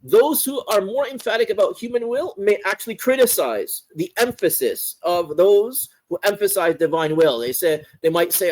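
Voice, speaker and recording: A man teaching a religious course, explaining a text in an unhurried lecture and often repeating phrases and asking "right?". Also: high voice, animated, a little mellow, low-quality recording. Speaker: Islamic scholar teaching a course.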